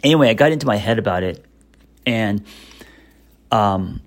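Middle-aged man, gravelly voice, lowish pitch, hesitant, casual self-help talk. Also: expressive, normal speed. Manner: hesitant, lots of fillers and restarts, candid. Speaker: therapist and podcast host.

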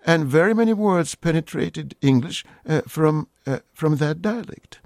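A man's voice: fairly high pitch, animated, a little slow, vocal fry, darkish tone, no echo, studio quality. A man, a guest linguist on a radio call-in show, explaining word origins in a hesitant, lecturing way with many fillers.

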